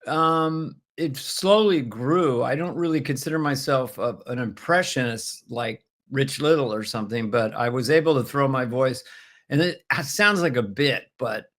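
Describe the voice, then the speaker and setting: A man in his seventies, a comedian guest, chatting in a halting way with many restarts and frequent laughs. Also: mid-range voice, fairly bright tone. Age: 70s. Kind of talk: casual interview chat.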